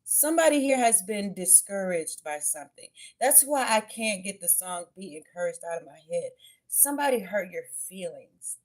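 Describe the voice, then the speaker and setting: A woman's voice: medium pitch, animated, moderate pace. A woman giving a casual tarot and oracle card reading to her viewers, chatty and blunt, swearing freely and calling them babies and y'all.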